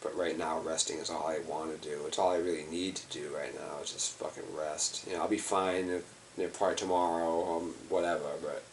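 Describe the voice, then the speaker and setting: A man's voice: deep voice, level tone, brisk, recorded from a distance, a little hiss or hum. An exhausted man rambling in a loose, profane way, with lots of fillers. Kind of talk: rambling personal video monologue.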